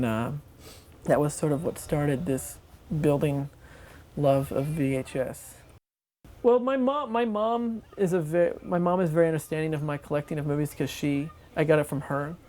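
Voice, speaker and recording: Interviewee, documentary anecdote, rambling, excitable, filler-heavy, mid-pitched voice.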